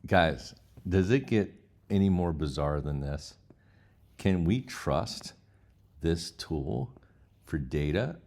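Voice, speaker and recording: A man's voice: sits low, expressive, slow pace, vocal fry, pauses often, darkish tone. A man hosting a casual vlog, reading chatbot replies aloud with incredulous asides. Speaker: host.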